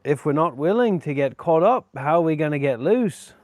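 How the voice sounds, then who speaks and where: A man's voice: on the high side, expressive, normal speed, a little mellow, no room sound. A man joking crudely in a put-on Australian accent, mock-boastful and swearing through a travel vlog. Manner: crude, swearing, ironic bravado. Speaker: vlogger. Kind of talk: comedic travel vlog monologue.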